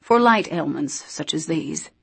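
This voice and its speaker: A woman reads as a solemn young male angel in an audiobook, his speech grave and formal. The voice sits low and unhurried, with a slightly husky edge. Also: lively intonation, a bit bright, heavily acted. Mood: explaining. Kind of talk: audiobook character voice.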